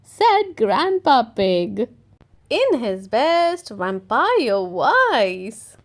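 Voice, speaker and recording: A woman reading a children's picture book aloud in an expressive, gently paced way. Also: a little high, extremely slow. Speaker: storytime reader. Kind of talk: children's read-aloud narration.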